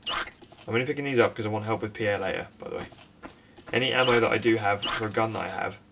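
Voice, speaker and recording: A man giving sarcastic, self-mocking commentary over a game he plays, breaking into quick outbursts at it. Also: fairly low pitch, gravelly, fairly bright tone, far from the mic, a little hiss or hum. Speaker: gaming commentator. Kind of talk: let's play commentary.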